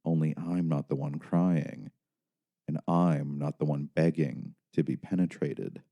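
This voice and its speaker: Deep-voiced man reading his memoir. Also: fairly even intonation, measured pace, gravelly, lo-fi sound. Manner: confessional, intense. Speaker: author and narrator. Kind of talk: audiobook memoir narration.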